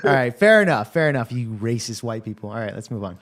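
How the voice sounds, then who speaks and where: A man's voice: medium pitch, very animated, fast talker, fairly bright tone. A man from South Texas hosting a casual reaction stream, joking with chat, swearing and laughing often. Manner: profane, joking, laughs a lot. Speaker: stream host.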